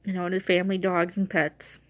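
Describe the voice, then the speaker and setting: A woman's voice: fairly low pitch, flat delivery, fairly quick. A young woman talking casually in a rambling, self-correcting way on her vlog, emotional as she remembers her late dog. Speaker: vlogger.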